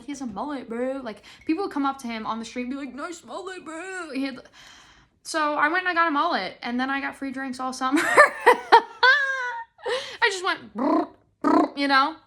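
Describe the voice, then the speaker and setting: A woman in her twenties hosting a casual solo podcast, rambling and self-deprecating, breaking into sudden loud high laughs. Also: fast talker. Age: 20s. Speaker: podcast host.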